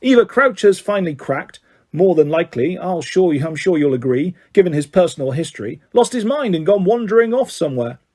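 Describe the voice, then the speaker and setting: A man's voice: high voice, very animated, brisk, darkish tone. A man voicing a flustered, pompous middle-aged government minister who blusters defensively. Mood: blustering.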